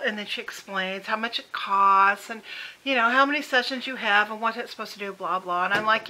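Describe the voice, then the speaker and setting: A middle-aged woman telling a comic story in an animated, exasperated, wisecracking way. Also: medium pitch, a little fast, rough recording. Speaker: vlogger. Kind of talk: comedic storytelling.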